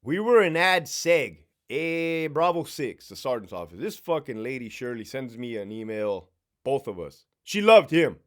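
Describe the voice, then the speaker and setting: Profane, animated male storyteller. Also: medium pitch, a little slow. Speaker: former prison sergeant telling stories. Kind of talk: casual storytelling monologue.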